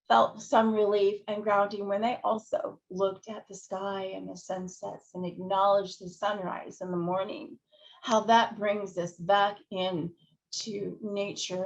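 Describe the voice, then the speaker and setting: A woman giving a conference talk that walks listeners through calming techniques, speaking in a gentle, guiding way and chuckling often. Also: medium pitch. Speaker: plenary speaker. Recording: dull lo-fi audio.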